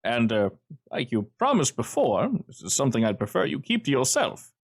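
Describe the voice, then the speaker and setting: A man's voice: medium pitch, huge pitch swings, normal speed. A man voicing a polite, guarded village man who speaks in formal, hedging phrases. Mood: polite, evasive.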